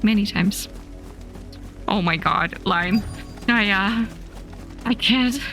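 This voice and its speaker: A woman's voice: mid-range voice, slow, bright, forceful tone, faint music behind. A woman streaming a game, reacting expressively and swearing now and then. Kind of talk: live game commentary.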